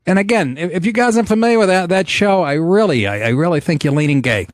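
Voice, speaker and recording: A male podcast host taking calls and riffing in a sarcastic, rambling way, swearing freely. His voice sits a bit high and swings widely in pitch, and the sound is dry and close. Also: expressive, quick pace, no echo. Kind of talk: casual call-in talk show.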